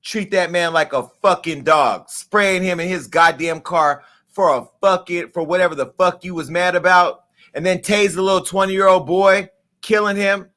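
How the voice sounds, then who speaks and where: A man's voice: sits high, fairly even intonation, normal speed, sharp tone. A middle-aged man hosting a live show, delivering an angry, profane, emphatic rant. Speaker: host. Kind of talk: impassioned live-stream rant.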